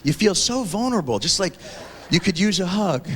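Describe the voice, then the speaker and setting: A man in his thirties performing a stand-up comedy routine on stage, acting out characters in quick voices, recorded from a 1990s TV special on VHS with audience laughter. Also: high voice, big pitch swings, very noisy. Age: 30s. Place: theater stage before a live audience. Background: audience laughter and applause.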